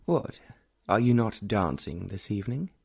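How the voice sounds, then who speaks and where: A tall, charming young gentleman speaks with gentle, teasing mischief, as a man voices him in an audiobook. His tone is warm and mellow. A light husky grain runs through his voice. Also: sits low, expressive, normal speed, heavily acted. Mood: playful.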